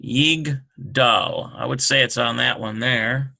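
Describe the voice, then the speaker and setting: A man teaching a relaxed language lesson, working through words slowly and thinking aloud with many fillers. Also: medium pitch, gravelly. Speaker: Hebrew teacher.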